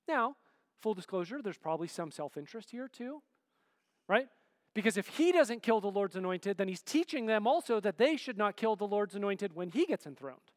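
A man preaching a sermon in a relaxed, conversational way, often checking in with "right?" and filler "like". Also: sits high, normal speed, no echo, long reverb tail.

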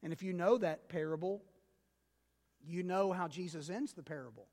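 A male pastor preaching a sermon, emphatic and repeating key words, swinging between loud and quiet. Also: high-pitched, normal speed, long pauses, big-room sound.

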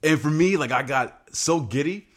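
A man co-hosting a podcast, chatting casually and getting animated and excited, with some swearing. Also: a little high, normal speed. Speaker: podcast co-host. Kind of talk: casual chat.

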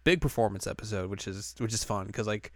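A man's voice: fairly low pitch, fairly quick, fairly bright tone, dry recording. A man hosting a podcast, recapping an episode in a rambling, casual way with lots of fillers. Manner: rambling, filler-heavy, laughs often. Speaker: podcast host.

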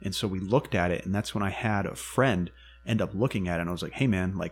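A man telling a story in casual chat, animated and swearing freely, acting out what people said. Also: low voice, fast, breathy edge.

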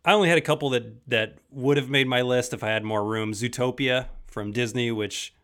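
Relaxed podcast host, man. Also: medium pitch, a little fast, smooth. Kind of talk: casual podcast chat.

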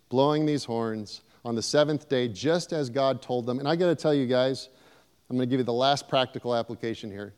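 A man's voice: medium pitch, darkish tone, clean tone. A middle-aged man preaching a sermon with emphatic, repeated declarations. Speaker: pastor. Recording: long hall reverb.

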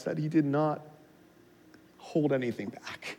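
A male pastor preaching a sermon, swinging from hushed intensity to loud, high exhortation, on a clip-on mic in a church. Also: unhurried, creaky, pauses often. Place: church sanctuary. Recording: long hall reverb.

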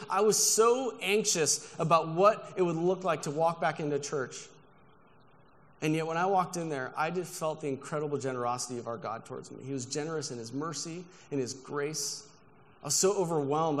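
A man's voice: on the high side, brisk. Man preaching earnestly in a reverberant hall. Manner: emphatic, earnest preaching with personal stories. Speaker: guest pastor. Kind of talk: sermon. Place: church sanctuary. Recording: long reverb of a large church hall.

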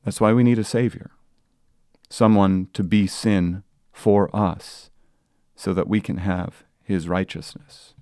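A man's voice: sits low, fairly even intonation, slow pace, clear, resonant tone, no echo, clean studio sound. Earnest male pastor preaching. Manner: earnest preaching, rising to loud sung quotes. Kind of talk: sermon.

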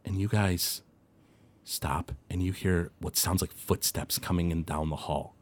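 A man narrating a tabletop game as game master and show host, dramatic and hushed for suspense. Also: deep voice, fairly even intonation, measured pace, slight background noise.

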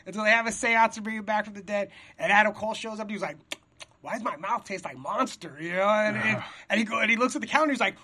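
A young man rambling in a casual, profane chat, getting excited as he talks. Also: high voice, racing, hardly any pauses.

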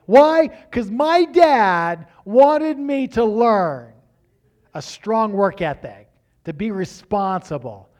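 A middle-aged man preaching as a pastor, telling family stories with halting restarts and acting out the dialogue. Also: sits high. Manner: animated, acts out dialogue in raised voices; halting restarts and repeated words. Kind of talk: storytelling sermon.

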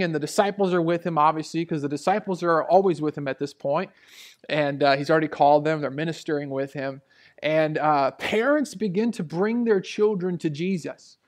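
A man preaching a sermon as pastor, talking casually at first and building to loud, emphatic peaks. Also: a little high.

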